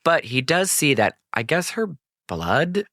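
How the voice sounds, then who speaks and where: A woman's voice: deep voice, very animated, measured pace, a bit bright, no room sound, studio quality. A woman co-hosting a podcast, recapping a movie in casual, profane chat and acting out the characters in mock voices. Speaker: podcast co-host.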